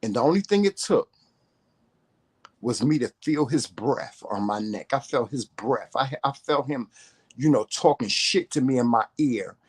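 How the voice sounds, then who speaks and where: A man's voice: medium pitch, expressive, measured pace, husky. Profane, confrontational man ranting. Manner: profane, confrontational, emphatic repetition. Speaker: vlogger. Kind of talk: ranting storytelling to camera.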